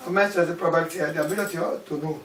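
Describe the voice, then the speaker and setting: A man's voice: fairly high pitch, steady tone, rapid-fire. A man teaching a maths class, repeating key terms and asking questions aloud. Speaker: mathematics teacher. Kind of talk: classroom lesson. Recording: echoey room from far off with faint background noise.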